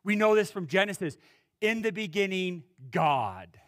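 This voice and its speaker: Pastor guy preaching slow, high voice, big pauses, goes loud then drops real quiet. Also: lively intonation, no room sound, clean studio sound. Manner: preaching with dramatic pauses and wide swings in pitch and loudness. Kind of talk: sermon.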